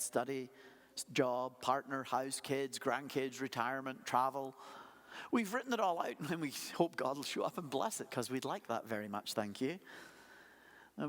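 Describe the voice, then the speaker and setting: A pastor preaching a sermon, telling stories in a conversational way with playful asides. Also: male voice, mid-range voice, fairly bright tone. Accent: non-local accent. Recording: long hall reverb.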